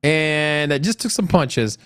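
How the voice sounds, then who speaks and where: A man with a high, lively voice co-hosts a casual talk show. He jokes around and fires off wisecracks. The sound is dry and close to the mic. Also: slow, clean tone, dry recording. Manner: joking, wisecracking banter. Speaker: co-host. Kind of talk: casual podcast chat.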